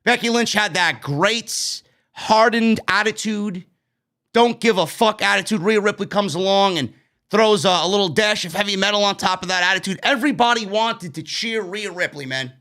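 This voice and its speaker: High-voiced guy ranting casually about wrestling, blunt, swears a lot. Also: moderate pace, sharp tone. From New York. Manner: blunt, profane, exasperated commentary. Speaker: wrestling show reviewer. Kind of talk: casual opinionated review.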